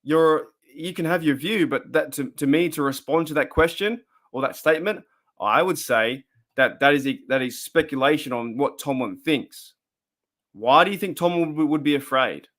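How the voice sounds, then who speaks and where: A man's voice: fairly high pitch, normal speed, fairly bright tone. An Australian man hosting a casual fan livestream, rambling and reading out viewer comments as he goes. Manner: chatty, rambling, reads out chat comments. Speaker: fan show host.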